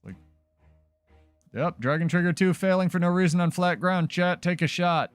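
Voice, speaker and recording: A man's voice: high-pitched, normal speed, smooth, dry recording, faint music behind. A man talking casually as a streamer during live gameplay, loose and chatty with many fillers.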